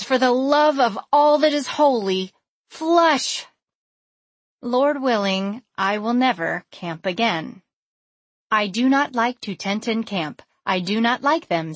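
A woman's voice: mid-range voice, a bit bright, no room sound. A woman reading a scripted personal reflection with wry, self-deprecating humor.

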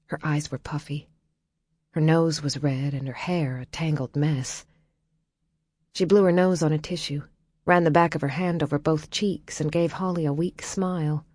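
A woman narrating an audiobook in a quiet, measured storytelling way. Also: deep voice, no room sound, clean studio sound.

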